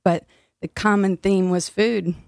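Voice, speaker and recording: A woman's voice: mid-range voice, steady tone, measured pace, gravelly, a little mellow, dry recording, studio quality. An older woman from Illinois, a city food policy director, talking earnestly as an interview guest with some fillers and a little breathless. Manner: earnest, frequent fillers, laughs easily. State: slightly out of breath. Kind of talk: interview conversation.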